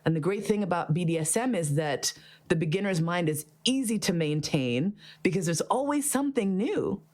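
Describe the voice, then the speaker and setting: A woman's voice: lowish voice, moderate pace. A woman hosting a podcast, telling stories in casual chat, swearing freely and laughing often. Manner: profane, animated, laughs often. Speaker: podcast host.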